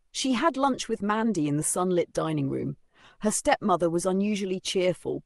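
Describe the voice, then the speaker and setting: A man reading a dramatic story as narrator in steady, scripted storytelling. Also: on the high side, creaky, no echo, clean studio sound.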